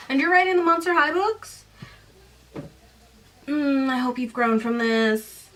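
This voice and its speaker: A woman's voice: fairly high pitch, slow, recorded from a distance. Sarcastic woman recapping a book. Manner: sarcastic, animated, mocking asides. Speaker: podcast host. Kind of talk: casual book recap and commentary.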